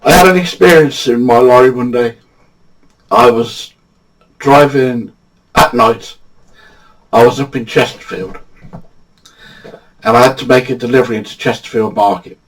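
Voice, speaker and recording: A man's voice: medium pitch, moderate pace, long pauses, poor audio. An older man from England, telling funny true anecdotes in a chatty, casual way and laughing at his own stories. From England, Badsey. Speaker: storyteller.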